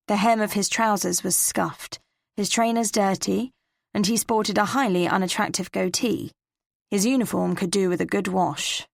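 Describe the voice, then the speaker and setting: A woman with an English accent, narrating a cozy mystery in first person with measured, crisp delivery. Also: medium pitch, no echo, studio quality. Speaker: audiobook narrator.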